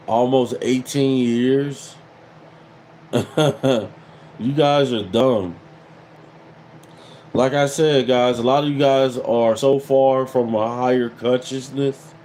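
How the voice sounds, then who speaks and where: Man, thirties, livestream host, unhurried delivery, mid-pitched, mocking catchphrases. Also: steady tone, a little mellow, slight background noise, poor audio. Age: 30s. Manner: taunting, mocks commenters with repeated catchphrases. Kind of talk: casual livestream chat.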